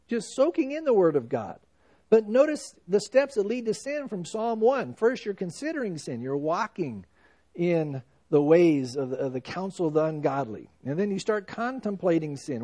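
Man, pastor, sermon, conversational preaching, "you know" asides, somewhat high voice. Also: dark tone.

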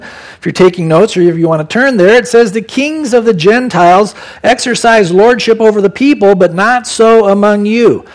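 A man preaching a sermon as a pastor, expressive and acting out the words of the people in the passage. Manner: expressive, acts out quoted voices with raised pitch.

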